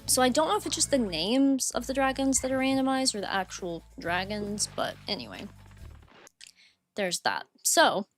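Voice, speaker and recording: A young woman streaming live gameplay, chatting along and breaking into loud frustrated outbursts at the game. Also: on the high side, sing-song, moderate pace, faint music behind.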